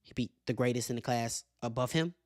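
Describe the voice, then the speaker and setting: A man hosting a casual sports commentary show, animated and profane, laughing often as he makes his case. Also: mid-range voice, fairly quick, no room sound, clean studio sound. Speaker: show host.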